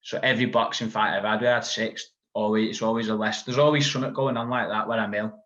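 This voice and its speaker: A man's voice: lowish voice, steady tone, quick pace, fairly bright tone. A man, a podcast guest telling a long story in casual chat, full of "like" and asides. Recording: dull lo-fi sound.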